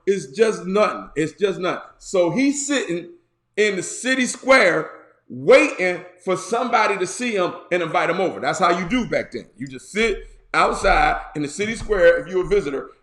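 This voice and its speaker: A male pastor preaching a sermon, retelling a story in colloquial slang with lively asides. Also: sits high, normal speed. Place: church. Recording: roomy echo.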